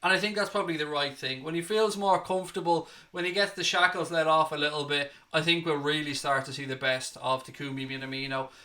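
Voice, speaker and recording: A young man hosting a football reaction show, excitable and out of breath, calling out to his viewers as ladies and gentlemen. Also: a little high, fast, hardly any pauses. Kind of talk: energetic post-match reaction.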